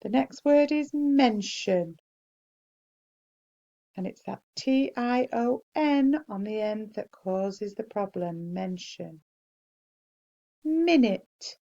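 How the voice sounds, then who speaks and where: Slow, gravelly woman teacher. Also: on the high side, lively intonation, muffled recording. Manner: slow, clear dictation with gentle praise. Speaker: primary school teacher. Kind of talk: spelling lesson for children.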